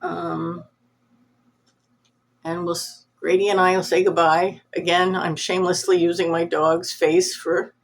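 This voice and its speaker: Woman vlogger, lowish breathy voice with a nasal edge, casual and rambling, self-deprecating. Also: little pitch movement, measured pace. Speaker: cross-stitch vlog host. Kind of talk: casual chat to camera.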